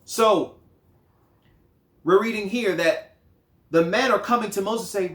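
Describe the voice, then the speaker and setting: Animated preacher in an echoey room. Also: male voice, high voice, unhurried, long pauses. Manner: animated, acts out quotes in lively voices. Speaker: Bible study teacher. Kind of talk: sermon-style Bible lesson.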